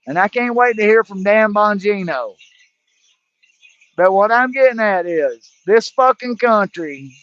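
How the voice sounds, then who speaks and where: A man's voice: high-pitched, fairly bright tone, no echo. A man hosting a livestream, ranting angrily about politics, swearing heavily and stumbling through restarts. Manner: profane, heated, stumbling restarts. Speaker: livestream host. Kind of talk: angry political rant. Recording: dull lo-fi livestream audio.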